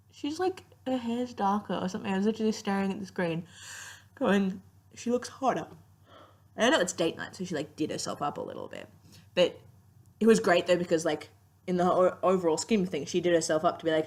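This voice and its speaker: A young woman giving a casual, rambling TV review, chatty and gushing with lots of fillers, tired and yawning. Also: lowish voice. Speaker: TV series reviewer.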